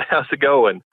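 A man's voice: medium pitch, husky, dry recording. A man with a Southern US accent calling into a show, earnest and hesitant with many fillers. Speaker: caller. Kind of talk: call-in chat. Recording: tinny dry phone line.

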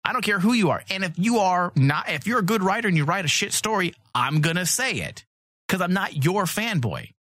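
A man's voice: high-pitched, lively intonation, brisk, a bit bright. A man hosting a comics podcast, talking in blunt, profane, rambling casual chat. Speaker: podcast host.

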